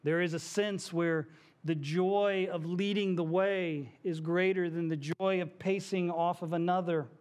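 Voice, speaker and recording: A man's voice: high voice, steady tone, unhurried, darkish tone. A male pastor preaching a sermon to his congregation in a church, conversational, with asides and small jokes. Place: church sanctuary.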